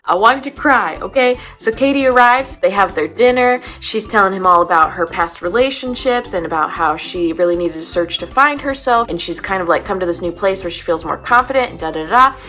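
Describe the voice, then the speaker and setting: A woman talking casually as a show host, recapping episodes in an animated, self-deprecating way. Her voice sits in a middle pitch, and faint music plays under her speech. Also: a little fast, few pauses.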